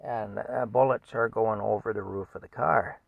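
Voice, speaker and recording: A man's voice: fairly low pitch, fairly even intonation, normal speed, gravelly, dry recording, phone-quality sound. A man casually telling a rambling story at home, with chuckles and fillers. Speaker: vlogger telling stories.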